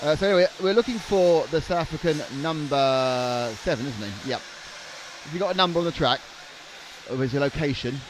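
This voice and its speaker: Young guy commentating rc races, jokey and rambling, bit high voice, engines buzzing behind. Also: fairly quick. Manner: joking, rambling, stammers into restarts. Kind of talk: live race commentary. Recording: noisy trackside broadcast.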